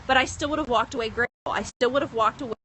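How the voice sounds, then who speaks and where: A pregnant woman telling a personal story in a casual vlog, recorded outdoors on a phone in the rain, animated as she retells what others said. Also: fairly high pitch, racing. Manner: earnest, animated retelling with quoted dialogue. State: pregnant, second trimester. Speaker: vlogger. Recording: faint outdoor noise, rain.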